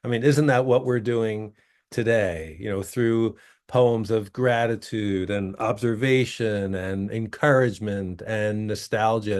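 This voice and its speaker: A man moderating a poetry reading event, speaking casually with some fillers. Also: medium pitch.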